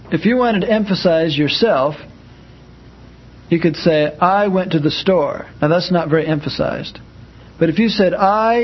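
Man lecturing, muffled and slightly high. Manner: conversational, explains with spoken examples, many fillers. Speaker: Bible class teacher. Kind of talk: informal classroom lecture.

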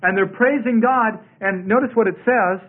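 High-voiced man teaching scripture, tinny sound. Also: moderate pace. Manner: emphatic, repeats key words. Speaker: Bible teacher. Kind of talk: Bible study sermon. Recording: tinny phone-like radio broadcast.

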